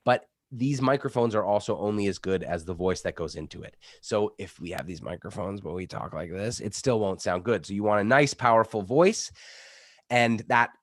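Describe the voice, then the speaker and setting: A man coaching public speaking in an online workshop, energetic and demonstrative, a bit sick, on a good studio microphone. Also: on the low side, moderate pace, no echo.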